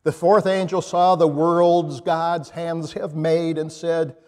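A man preaching a sermon in a reflective storytelling manner, pausing and restarting as he speaks. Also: a little high, level tone, a little mellow, big-room sound.

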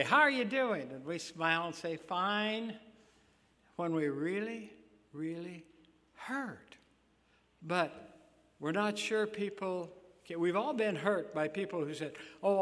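An older man preaching a sermon in a halting, folksy way, with many fillers and restarts. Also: on the high side. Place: church sanctuary. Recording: long hall reverb.

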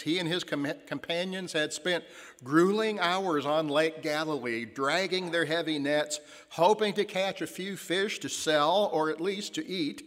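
A pastor delivers a story-filled sermon in a fairly high man's voice, slowing down on the lines he wants to land. His words hang in a long reverb from the church around him. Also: fairly bright tone. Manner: storytelling, slows for emphasis.

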